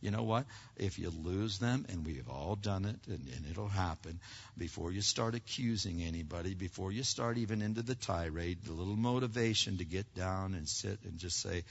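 A man's voice: low-pitched, moderate pace, creaky, breathy edge. A man preaching a sermon as a pastor, talking conversationally with frequent restarts and repeated words. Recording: dull lo-fi recording.

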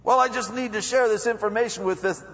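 A man's voice: sits high, fairly even intonation, fast talker, a bit bright, in a large hall, highs cut off. A man preaching a sermon in a casual, conversational way, acting out his own prayers and inner dialogue. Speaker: pastor.

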